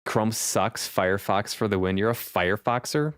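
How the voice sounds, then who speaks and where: A man's voice: on the low side, steady tone, moderate pace, fairly bright tone, clean tone, dry recording, clean studio sound. A male streamer chatting casually and thinking aloud, rambling with fillers. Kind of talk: casual chat.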